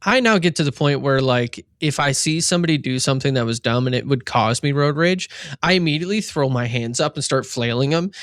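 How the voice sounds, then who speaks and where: A man's voice: mid-range voice, a little fast, fairly bright tone, dry recording, clean studio sound. A man co-hosting a casual podcast, chatting in a laid-back, chuckling way. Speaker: podcast co-host.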